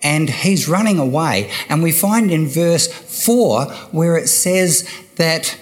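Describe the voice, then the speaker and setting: An older man preaching a sermon, slow and emphatic, repeating key phrases for weight. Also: on the high side, lively intonation.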